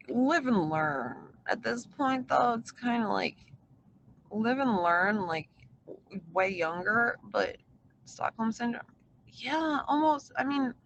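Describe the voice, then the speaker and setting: A livestreamer chatting to viewers with a gravelly edge full of vocal fry, swearing freely and drifting between thoughts. Fillers pile up as they ramble into a desk mic, with faint noise underneath. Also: medium pitch, fairly bright tone, rough recording. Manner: profane, filler-heavy, meandering. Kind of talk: casual rambling stream chat.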